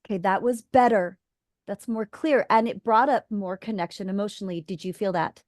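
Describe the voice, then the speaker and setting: A woman's voice: mid-range voice, fairly quick, darkish tone, dry recording, clean studio sound. A woman acting coach giving direct, instructive feedback to students in class.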